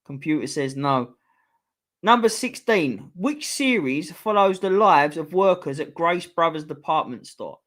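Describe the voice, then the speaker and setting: A man's voice: high voice, expressive, a little slow, few pauses, a bit bright. A man with a London accent, hosting a casual live-stream quiz, chatty and teasing, swearing freely. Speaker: host reading a quiz to a live chat.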